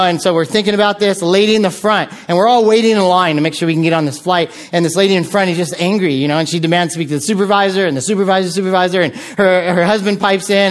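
American male pastor, higher voice, lively storytelling sermon delivery with fillers. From United States. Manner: animated storytelling with frequent filler words.

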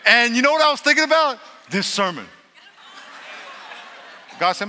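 A male pastor preaching a storytelling sermon to a live audience, animated and acting out dialogue in a raised voice. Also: extremely high pitch, moderate pace, pauses often. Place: large church hall with a live audience. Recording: live hall reverb, faint room noise.

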